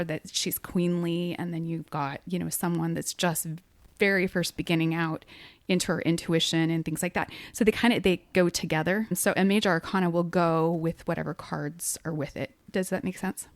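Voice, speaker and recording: A woman's voice: fairly low pitch, vocal fry, no room sound. A woman co-hosting a casual podcast, explaining tarot cards in a chatty, easy way with bursts of laughter. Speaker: podcast co-host, medium.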